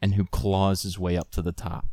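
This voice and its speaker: A man's voice: deep voice, flat delivery, moderate pace, mellow. A young man co-hosting a podcast, rambling and joking, laughing and swearing freely in casual chat. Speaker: podcast co-host.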